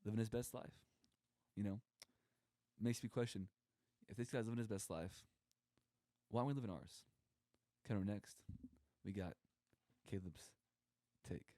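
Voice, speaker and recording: A man's voice: on the low side, moderate pace, pauses often, dark tone, no echo. A young man talking casually on a podcast, rambling and joking as he acts out quoted voices. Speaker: podcast co-host. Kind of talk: casual comedic monologue.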